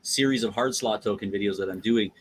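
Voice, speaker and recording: A man's voice: on the low side, a little fast, over a noisy crowd. Upbeat male podcast host. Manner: upbeat, scripted intro then loose chat. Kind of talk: casual interview.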